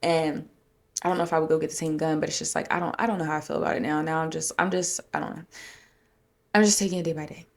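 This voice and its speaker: A woman's voice: sits low, quick pace, gravelly. A woman hosting a podcast, telling a story casually and acting out what people said in a raised voice. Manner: animated retelling, acting out quotes in a raised voice. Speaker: podcast host.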